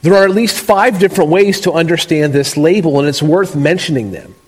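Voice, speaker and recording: A man preaching an expository sermon, measured and emphatic, with slow deliberate stresses. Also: a little high, husky. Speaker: pastor. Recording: long reverb of a large hall.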